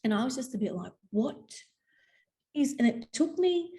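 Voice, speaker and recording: An Australian woman, a podcast guest, telling a story in a lively, animated way and acting out voices. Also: on the high side, quick pace, rough recording. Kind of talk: storytelling interview.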